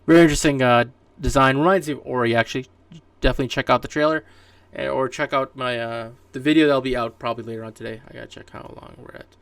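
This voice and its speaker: Male podcast host, gravelly voice, loose rambling delivery, dry room, mic set back from him. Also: mid-range voice, steady tone, quick pace, a bit bright, no echo, far from the mic. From Canada. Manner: rambling, many fillers and restarts. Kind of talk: casual solo gaming news commentary.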